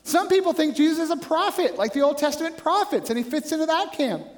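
A man's voice: extremely high pitch, fast talker. A male pastor preaching a sermon in a conversational way, telling stories and often asking "right?". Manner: conversational, animated storytelling with frequent "right?".

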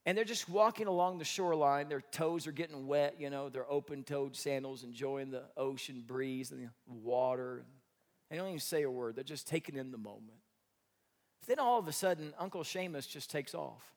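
A man preaching a sermon as pastor, animated, swinging between loud bursts and quiet, reflective stretches. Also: mid-range voice, moderate pace.

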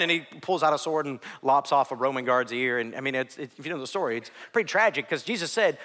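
A man preaching a sermon as a pastor, telling stories animatedly and swinging between hushed near-whispers and loud, excited lines. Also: a little high, fast, hardly any pauses. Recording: long hall reverb.

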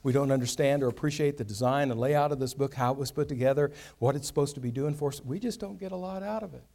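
A man's voice: medium pitch, quick pace, creaky, a little mellow. A man giving an earnest, conversational Bible teaching with vivid everyday examples. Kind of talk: sermon.

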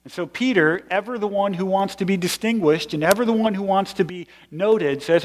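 A man's voice: high voice, fairly quick, few pauses. Man preaching in a reverberant hall. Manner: conversational, explanatory, emphatic. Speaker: pastor. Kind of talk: sermon.

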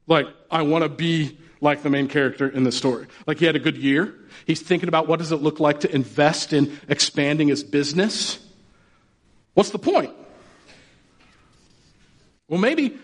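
A male pastor delivers a sermon with a slightly raised voice, talking like he is chatting with friends. He jokes and keeps asking his listeners questions. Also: a little high. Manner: casual and joking, asks the audience questions. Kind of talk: conversational sermon.

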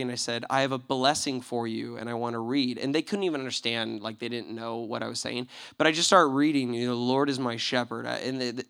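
Bright, animated preacher man telling a story. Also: mid-range voice. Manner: animated storyteller acting out quoted voices, swinging from loud to hushed. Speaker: pastor. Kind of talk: sermon storytelling.

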